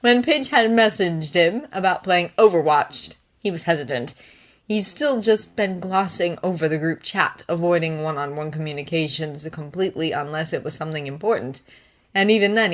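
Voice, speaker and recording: A woman narrating a fanfiction audio reading in a soft, steady manner. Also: low-pitched. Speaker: fanfiction reader.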